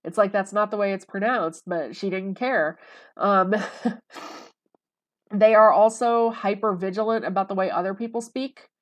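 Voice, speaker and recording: A woman's voice: medium pitch, steady tone, measured pace, highs cut off. Woman, casual vlog monologue, rambling, lots of fillers, mid-range voice. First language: English. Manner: rambling and conversational, with many fillers. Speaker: vlogger.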